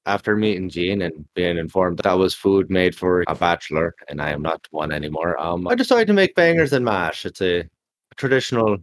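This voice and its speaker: Man player, lowish voice, wry jokes, dry close sound. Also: animated, a little fast, dry recording. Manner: wry, joking asides. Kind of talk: playing a tabletop game in character.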